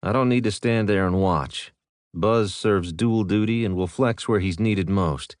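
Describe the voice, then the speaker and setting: A man's voice: fairly low pitch, measured pace, no echo, studio quality, lightly acted. A man doing a blunt military major. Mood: firm. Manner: blunt, commanding. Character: blunt male military major, team leader.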